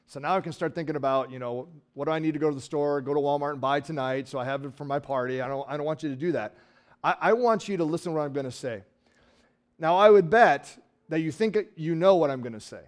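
Talking fast in a fairly high-pitched voice, a male pastor delivers a sermon to his congregation in the church sanctuary. His tone is conversational, and he throws out rhetorical questions.

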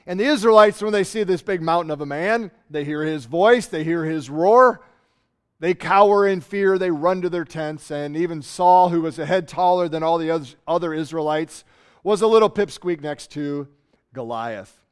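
Animated storyteller preacher, high clear voice. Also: male voice, normal speed. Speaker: pastor. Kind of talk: sermon.

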